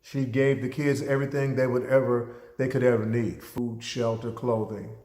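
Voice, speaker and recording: A man's voice: mid-range voice, flat delivery, moderate pace, dark tone. A man giving a motivational talk, speaking emphatically and addressing listeners directly, with stories woven in. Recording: echoey hall reverb.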